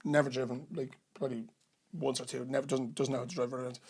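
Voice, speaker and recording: An Irish man on a podcast as a guest, telling a lively story and acting out the voices of others. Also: mid-range voice, quick pace, husky. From Ireland. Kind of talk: storytelling in casual chat.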